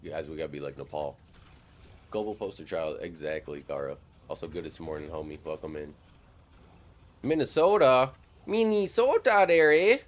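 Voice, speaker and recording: His voice is very deep, fairly even, a little mellow, and fairly quick. He's a young man near Madison, Wisconsin, chatting with viewers during a game stream, rambling with constant "like" fillers and plenty of swearing.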